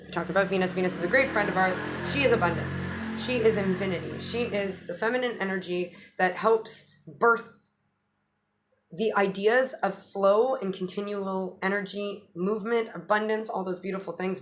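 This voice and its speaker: A woman's voice: mid-range voice, normal speed. Chatty woman giving an astrology update. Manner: chatty, repetitive restarts, occasional swearing. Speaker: astrologer vlogger.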